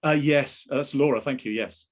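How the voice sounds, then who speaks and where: A man's voice: medium pitch, normal speed. A man running a live online sales training session over a video call, emphatic and full of rhetorical questions.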